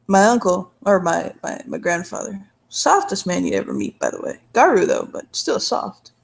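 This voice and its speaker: A woman's voice: lowish voice, vocal fry. A woman playing her character in a tabletop role-play game, telling a long, folksy, rambling story in character.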